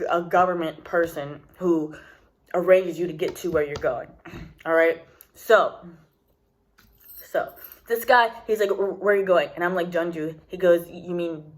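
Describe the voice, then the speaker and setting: Chatty young woman telling a story. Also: on the low side. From United States. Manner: rambling, lots of "like" and "literally". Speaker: vlogger. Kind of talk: casual storytelling to camera.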